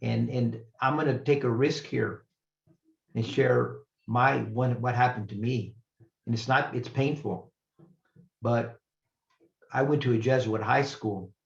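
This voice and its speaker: An older man, a retired professor, giving an earnest, reflective talk as a guest speaker, pausing and restarting as he shares a personal story. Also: medium pitch, vocal fry. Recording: roomy, slightly muffled recording.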